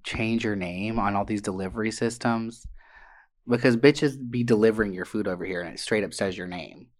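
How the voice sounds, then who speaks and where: A woman's voice: extremely low pitch, moderate pace. Blunt, swearing woman in casual chat. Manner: blunt, profane storytelling.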